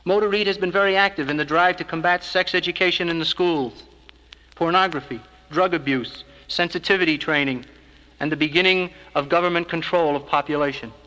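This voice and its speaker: A man giving scripted filmstrip narration as an organization's spokesman, in a measured, earnest, persuasive way. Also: fairly high pitch, sharp tone, long reverb tail, muffled recording.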